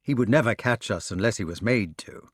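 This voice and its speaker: An earnest, brooding knight who pleads and broods in turn, read by a man. The voice moves lively up and down in a storybook reading. The sound is dry and close. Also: fairly low pitch, a little fast, slightly rough, no room sound. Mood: defensive.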